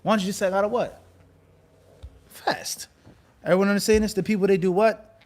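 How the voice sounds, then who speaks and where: A man giving an animated religious lecture and firing rhetorical questions at his listeners. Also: high-pitched, brisk. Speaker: Islamic teacher.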